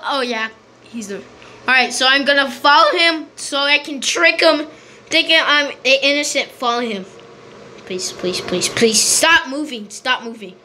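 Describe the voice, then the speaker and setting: A woman giving casual, rambling game commentary, excitable and repeating her pleas over and over. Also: high-pitched, normal speed, slight background noise. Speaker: gameplay commentator.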